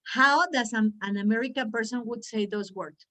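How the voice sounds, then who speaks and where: Woman ESL teacher, Spanish native speaker; bright, higher voice; animated, demonstrative delivery. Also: normal speed. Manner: animated, exaggerated sounds to demonstrate. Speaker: English pronunciation teacher. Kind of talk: online class teaching.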